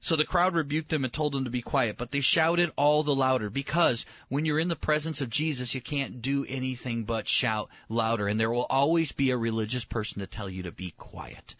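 A pastor talks through a Bible passage in an animated, conversational way, often doubling his words as he gets going. The recording is dry and a bit dull, with no room sound. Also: mid-range voice, fairly quick, hardly any pauses, no room sound. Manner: animated, acts out quoted voices, repeats words when excited.

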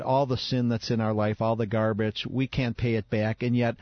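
A man's voice: medium pitch, no echo. Earnest man reading scripture, dull sound. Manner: earnest, reflective, slows for emphasis. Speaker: host. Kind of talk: scripture reading and devotional talk.

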